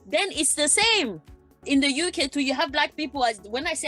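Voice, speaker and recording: A woman from Germany speaking on a discussion panel, her voice sitting on the higher side. She talks in an animated, conversational way, often repeating and restarting her words. Soft music plays faintly behind her. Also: moderate pace. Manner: animated, acts out quoted exchanges, repeats herself.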